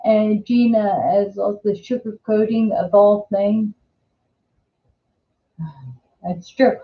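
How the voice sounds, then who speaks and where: A woman's voice: medium pitch, level tone, a little slow. An older woman with a New Jersey accent hosting a casual live-stream chat, rambling and chatty with many restarts. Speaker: host. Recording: echoey room, dull lo-fi sound.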